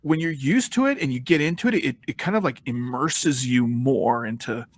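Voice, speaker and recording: A man's voice: medium pitch, normal speed. A man co-hosting a casual comic book chat, talking loosely and trailing off. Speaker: co-host.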